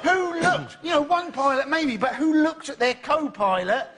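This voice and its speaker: Wry observational male comic with a very high voice. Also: moderate pace, a bit bright. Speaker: comedian panelist.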